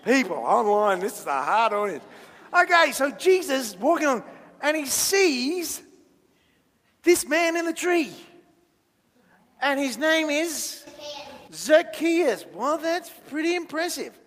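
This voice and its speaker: A man's voice: very high voice, very animated, slow pace, pauses often, a bit bright. A man leading a playful children's talk in church, chatty and jokey, quizzing the audience as he draws. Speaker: minister giving a children's talk. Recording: long church-hall reverb.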